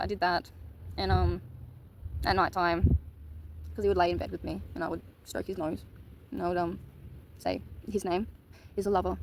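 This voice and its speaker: A woman's voice: medium pitch, darkish tone, a little hiss or hum, rough recording. A woman telling a personal story in a casual, candid monologue, swearing casually. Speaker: vlogger.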